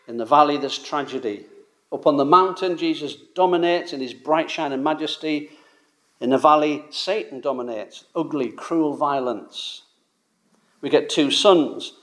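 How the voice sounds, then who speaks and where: A man preaching a sermon, with an emphatic delivery that swells and drops in loudness to stress his points. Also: on the high side.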